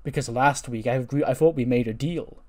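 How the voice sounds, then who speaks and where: A man voicing a huge, calm male wrestler who speaks slowly and deliberately. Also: medium pitch, natural voice. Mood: accusing.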